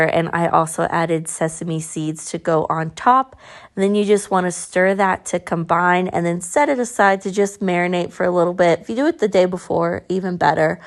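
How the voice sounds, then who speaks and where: Woman with a country accent narrating a recipe. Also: on the low side. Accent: Southern American country. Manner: relaxed, friendly, a bit self-deprecating. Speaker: cooking vlogger. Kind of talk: casual recipe voice-over.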